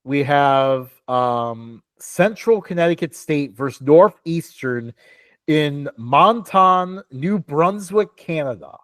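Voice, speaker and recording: A man's voice: on the high side, lively intonation, slow, a bit bright, no echo, studio quality. A young man co-hosting a casual sports talk show, rambling with lots of fillers and laughs. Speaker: podcast co-host.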